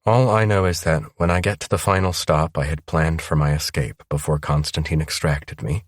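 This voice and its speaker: A man's voice: very deep voice, fairly even intonation, normal speed, dry recording, clean studio sound. A man voicing a guarded young woman on the run. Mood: earnest.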